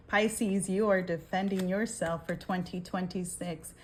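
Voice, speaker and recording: A woman's voice: mid-range voice, fairly even intonation, moderate pace, few pauses. A woman giving a casual tarot reading, talking emphatically, swearing and often checking in with "okay?". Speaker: tarot reader.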